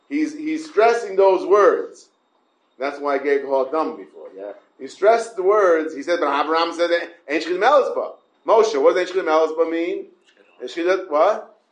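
Male Talmud teacher, high-pitched, stop-start delivery full of rhetorical questions, roomy echo. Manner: halting, repeats words and restarts often; asks rhetorical questions and checks with the listeners. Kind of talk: Talmud class lecture.

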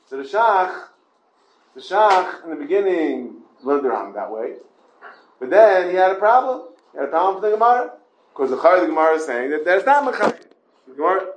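Male Talmud teacher, high-pitched, stop-start delivery full of rhetorical questions, roomy echo. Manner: halting, repeats words and restarts often; asks rhetorical questions and checks with the listeners. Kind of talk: Talmud class lecture.

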